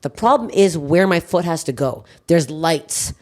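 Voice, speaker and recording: A woman's voice: deep voice, a little slow. A woman from Canada hosting a podcast, telling a story in casual chat, brash and profane, acting out the people in it. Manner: brash, profane, animated storyteller who acts out other people. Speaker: comedian and podcast host.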